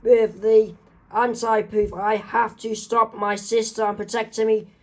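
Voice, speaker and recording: Man reading as shy young girl, anxious, pitched up. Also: little pitch movement, a little slow, darkish tone.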